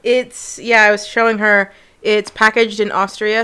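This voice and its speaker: A young woman co-hosting a podcast in casual chat, sarcastic and quick with asides, laughing often, with a sore throat. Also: mid-range voice, level tone, pushed and bright, smooth. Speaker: podcast co-host.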